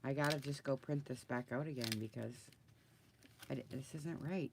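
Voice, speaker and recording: A woman's voice: a bass voice, fairly quick, noisy background. A woman crafter talking casually through her project, muttering to herself and getting flustered. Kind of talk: casual crafting video talk.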